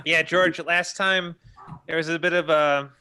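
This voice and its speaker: A man's voice: fairly high pitch, steady tone, a little slow, noisy background. A man joking and wisecracking with friends on a video call. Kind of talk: casual chat.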